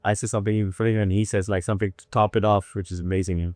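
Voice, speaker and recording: A man's voice: on the low side, rapid-fire, dry recording. A man in his thirties, a comedian telling candid stories in a casual interview, acting out quotes as he goes. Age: 30s. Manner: candid, animated storytelling with acted-out quotes. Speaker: comedian guest.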